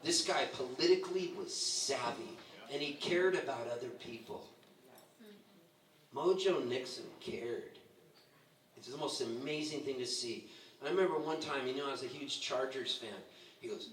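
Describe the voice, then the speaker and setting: A man's voice: mid-range voice, moderate pace. A man in his sixties giving a roast tribute at a bar, telling stories with laughter and acting out quotes from others. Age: 60s. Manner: animated, laughing storyteller who acts out quotes. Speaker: roast speaker. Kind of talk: storytelling tribute at a live roast. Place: bar with a live audience. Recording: echoey room, distant mic, background noise.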